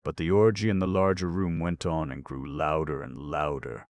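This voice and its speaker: A man narrating an audiobook in a measured, steady reading. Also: very deep voice, dry recording. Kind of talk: scripted narration.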